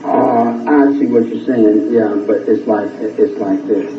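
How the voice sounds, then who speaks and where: A man giving long, rambling interview answers that swing from a low drawl to heated outbursts. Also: fairly even intonation, slow, over music. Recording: archival phone-like TV audio, echoey, distant.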